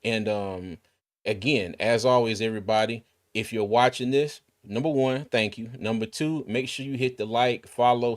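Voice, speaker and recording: Male stream host, relaxed and rambling, lowish voice. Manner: laid-back, chatty, many fillers and restarts. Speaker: sports podcast host. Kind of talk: casual live-stream chat.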